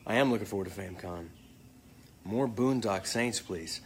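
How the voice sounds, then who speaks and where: A man's voice: fairly low pitch, moderate pace, a little hiss or hum. A man casually answering fan comments, joking and swearing freely. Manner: joking, profane, off the cuff. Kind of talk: casual live chat.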